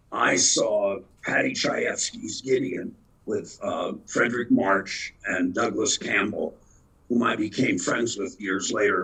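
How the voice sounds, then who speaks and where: A man's voice: lowish voice, creaky, a bit bright, slightly rough, rough recording. A man in his seventies, an actor telling rambling, self-deprecating anecdotes in an interview. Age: 70s. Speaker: actor and guest. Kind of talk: storytelling interview.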